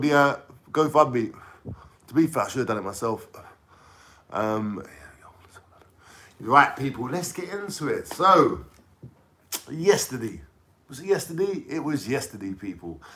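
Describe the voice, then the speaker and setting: A man's voice: medium pitch, a bit bright. A young man with a London accent, telling a rambling story to his viewers in a casual, slangy way and checking in with "yeah?" as he goes.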